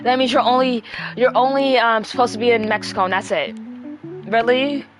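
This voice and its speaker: A young woman ranting on a livestream into a close mic, combative and full of swearing, talking fast and breathing hard. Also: fairly high pitch, steady tone, music in the background. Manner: profane, combative, rapid rants with breathing. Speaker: livestreamer answering chat.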